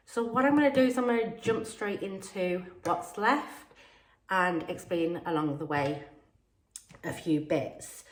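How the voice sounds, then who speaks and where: A woman from Australia with a croaky, unwell voice, chatting casually to camera as a budgeting vlogger, rambling and full of fillers. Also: on the low side. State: croaky from illness. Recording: echoey room.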